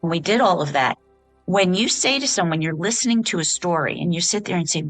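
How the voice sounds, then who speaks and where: A middle-aged woman hosts a podcast interview in a lowish voice, chatty and enthusiastic. Her voice is recorded dry and close on a podcast mic, with faint music underneath. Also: animated, brisk, dry recording. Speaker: podcast host.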